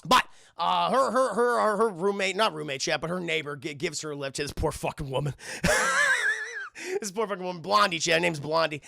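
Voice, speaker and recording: A man streaming a casual TV episode review, talking excitably and profanely while addressing his chat. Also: a little high, a little fast, vocal fry, no echo, studio quality.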